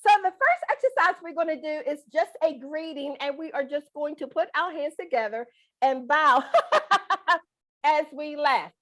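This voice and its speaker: A woman's voice: sits high, expressive, moderate pace, fairly bright tone. A middle-aged woman leading a guided breathing and laughter class over a video call, playful, folksy and coaxing. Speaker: laughter exercise instructor.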